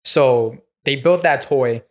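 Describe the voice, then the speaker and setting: A man with a middle-pitched voice co-hosts a casual podcast. He speaks in a relaxed, slangy way and takes his time retelling things. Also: slow. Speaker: podcast host.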